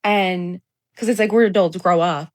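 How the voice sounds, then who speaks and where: A young woman ranting casually about dating, swearing and mimicking others in a mocking high voice. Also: moderate pace. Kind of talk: casual vlog rant.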